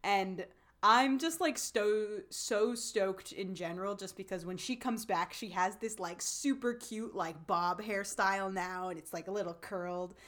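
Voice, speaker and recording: Casting note: woman podcast co-host, casual and animated, heavy on "like", mid-pitched. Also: measured pace. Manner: animated, acts out characters' lines with lots of fillers. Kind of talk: casual chat recapping a TV drama.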